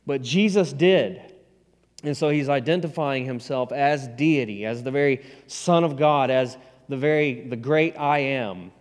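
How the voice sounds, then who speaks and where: A man's voice: mid-range voice, unhurried. Male pastor, plainspoken sermon delivery, resonant tone, reverberant hall sound. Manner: plainspoken, conversational preaching with folksy asides.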